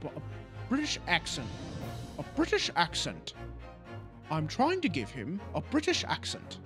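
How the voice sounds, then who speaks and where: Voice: medium pitch, huge pitch swings, a little slow, over music. A player casually commenting on a game and musing about doing voices. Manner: chatty, self-commenting.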